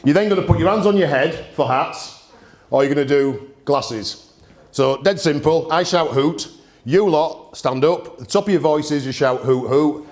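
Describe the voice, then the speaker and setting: A man hosting a live gin tasting event, talking bluntly to the audience with cheeky banter. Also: on the high side. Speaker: gin distillery host. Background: audience murmur and laughter.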